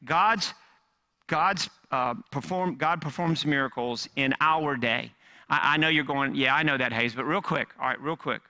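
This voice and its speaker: A man preaching a sermon, telling a story with dramatic swings from loud emphasis down to hushed, near-whispered lines. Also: a little high, a little slow. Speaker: pastor.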